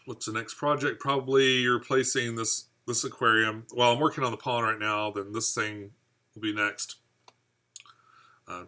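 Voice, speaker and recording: A man's voice: lowish voice, bright, forceful tone. A man from the United States hosting a casual live stream about his aquarium hobby. He rambles and chats while answering viewer comments. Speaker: aquarium hobby channel host.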